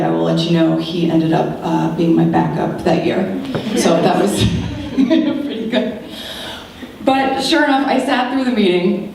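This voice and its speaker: A woman in her thirties giving a keynote speech, telling a personal story in an animated way and acting out the voices of the people in it. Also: on the low side, a little hiss or hum. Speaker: keynote speaker. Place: large lecture room. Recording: very echoey hall, distant mic.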